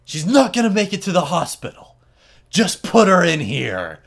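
A man voicing a frantic male paramedic who loudly oversells an emergency. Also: high-pitched, sing-song, normal speed, creaky, background noise, voice pushed up, exaggerated voice. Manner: frantic, overacted.

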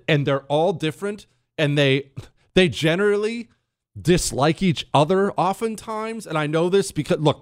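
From his radio studio, a middle-aged American man hosts talk radio with an opinionated, sarcastic monologue, combative and rambling, with many restarts and asides. His voice sits on the high side in a dry, studio-quality recording.

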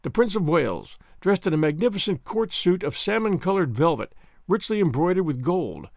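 A man reading a classic novel aloud as an expressive, theatrical narrator. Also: sits high, moderate pace, gravelly, dry recording, studio quality. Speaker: audiobook narrator. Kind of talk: scripted narration.

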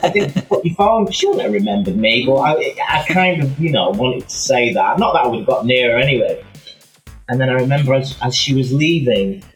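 A man telling animated, rambling anecdotes as a guest in casual chat. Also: medium pitch, a little fast, reverberant, faint music behind, low-quality recording. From England. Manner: animated anecdotal storytelling with many asides.

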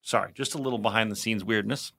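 A man's voice: on the low side, fast talker, vocal fry. A man co-hosting a podcast in casual chat, telling behind-the-scenes stories and acting out little voices. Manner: animated storyteller, acts out voices. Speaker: podcast co-host.

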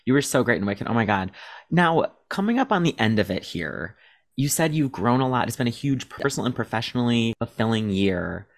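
A man co-hosts a casual interview. His voice sits at an ordinary male pitch. He is effusive and gushing toward his guest while asking questions. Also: very animated, fairly quick, no room sound, studio quality. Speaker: podcast co-host.

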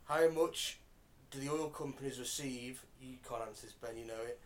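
A man's voice: mid-range voice, normal speed, a little hiss or hum. A man co-hosting a podcast, quizzing the others with facts in casual chat. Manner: quizzing, fact-dropping. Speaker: podcast co-host.

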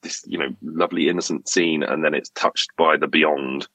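A man talking as a podcast guest, an animated storyteller who laughs often in casual film chat. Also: extremely low pitch, normal speed, vocal fry, no room sound, rough recording.

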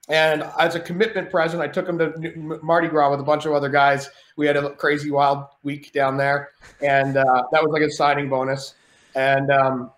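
A podcast guest with a fairly high, slightly bright voice tells stories casually and rambles, often restarting what he's saying. The recording has a roomy quality and faint noise.

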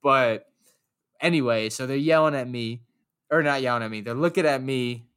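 A young man telling a story in casual chat, animated and profane, acting out the people he quotes. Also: medium pitch, moderate pace, crowd noise.

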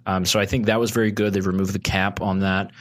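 A man's voice: deep voice, flat delivery, fast talker. A man speaking as a guest on a casual podcast, earnestly explaining policy at length with frequent restarts.

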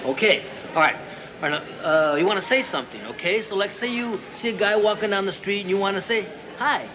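A man's voice: high-pitched, fast talker, noisy background, lightly acted. An actor playing a man who patiently teaches street greetings to a group of newcomers in a film scene. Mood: coaching. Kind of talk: film dialogue.

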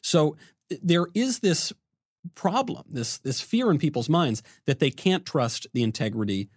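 Lively man hosting a podcast, dry sound. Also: a little high, measured pace, no echo. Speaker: podcast host. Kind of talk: casual political podcast talk.

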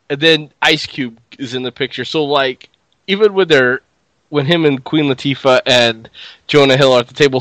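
A man joining a casual movie review podcast as a guest, talking things through in a relaxed way. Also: on the high side, no room sound.

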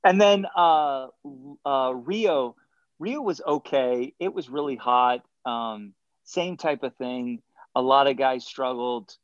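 Man telling lively stories, dry muffled sound. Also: mid-range voice, slow pace, no room sound. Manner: animated anecdotes, acts out quotes, chuckles often. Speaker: guest athlete. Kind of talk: casual storytelling interview.

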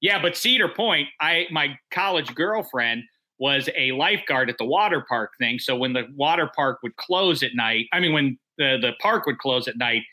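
A man's voice: mid-range voice, expressive, moderate pace, sharp tone. A man co-hosting a podcast in casual, rambling chat. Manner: playful, rambling, drifts between topics. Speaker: podcast co-host.

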